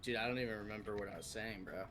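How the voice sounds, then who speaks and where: A man's voice: lowish voice, racing, music in the background. Playful young man chatting with a friend. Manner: playful, laughing. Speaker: friend on stream. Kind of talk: casual chat.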